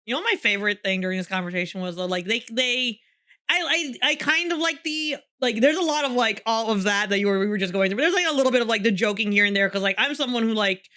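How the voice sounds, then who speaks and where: A bright, sharp-toned podcast co-host talking through a book in a loose, rambling way, with plenty of fillers and restarts. Their pitch sits in the middle of the range. They swear and laugh easily. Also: fast, clean tone. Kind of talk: casual book-club chat.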